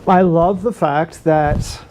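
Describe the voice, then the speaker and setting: A man's voice: on the high side, steady tone, takes it slowly, darkish tone, a little hiss or hum. Rambling, profane young man storyteller. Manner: meandering, profane, many restarts. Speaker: streamer.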